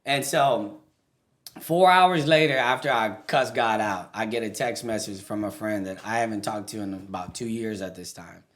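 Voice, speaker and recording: A man's voice: fairly low pitch, moderate pace, a bit bright. A young adult man, a podcast guest telling his life story in candid, profane casual talk and laughing through it.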